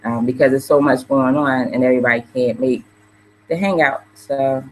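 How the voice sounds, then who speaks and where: A woman's voice: extremely low pitch, normal speed, poor audio. Earnest woman hosting a video call. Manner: earnest and preachy, rising to emotional fervor. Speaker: host. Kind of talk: casual livestream talk. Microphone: computer mic on a video call.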